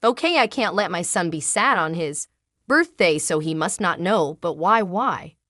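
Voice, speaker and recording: A woman narrating a first-person dramatic story in an emotional, halting way. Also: fairly low pitch, expressive, a bit bright, dry recording, studio quality.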